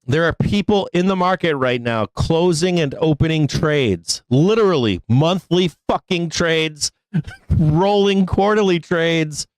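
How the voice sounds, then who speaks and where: A man's voice: on the high side, expressive, measured pace, no room sound, rough recording. A man hosting a live stock market show, ranting in exasperation with frequent laughter and cursing. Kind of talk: live-stream rant.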